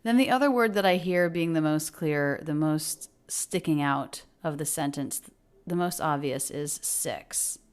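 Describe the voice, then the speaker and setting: Lower-voiced woman teaching pronunciation. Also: smooth. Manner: repeats words slowly to model sounds. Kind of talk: pronunciation lesson.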